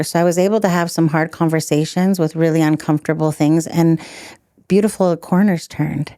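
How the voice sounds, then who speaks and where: A middle-aged woman telling stories as a podcast guest, animated, laughing often and acting out quotes. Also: deep voice, moderate pace, dry recording, clean studio sound. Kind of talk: storytelling in a podcast interview.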